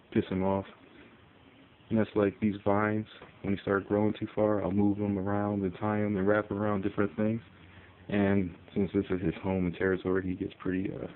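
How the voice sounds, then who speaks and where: A man's voice: low-pitched, a little hiss or hum. A man from Connecticut rambling casually about his pet in a phone-recorded vlog, with many fillers. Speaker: pet owner. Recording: tinny phone audio with faint ambience.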